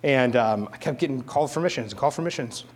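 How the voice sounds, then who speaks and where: A middle-aged man delivers a sermon in a husky, slightly breathy voice. He tells stories with jokes, then builds quiet, emphatic lists to drive the point home. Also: medium pitch, lively intonation, quick pace. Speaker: preacher. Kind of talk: sermon with personal story.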